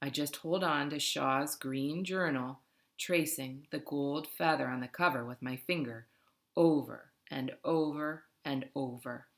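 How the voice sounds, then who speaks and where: Slow, low-voiced woman narrating a novel. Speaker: audiobook narrator. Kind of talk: first-person novel reading.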